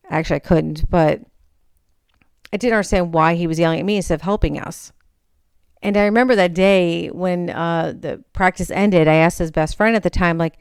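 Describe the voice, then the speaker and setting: A woman's voice: fairly low pitch, fairly quick, clear, resonant tone, dry recording, clean studio sound. Woman podcast host telling a story. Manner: animated, acts out quoted voices. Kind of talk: storytelling monologue.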